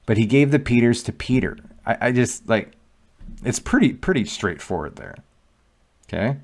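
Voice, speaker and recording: A man's voice: mid-range voice, lively intonation, moderate pace. Emphatic man discussing scripture. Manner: conversational, emphatic, rhetorical questions. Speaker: Catholic commentator. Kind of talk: casual commentary on scripture.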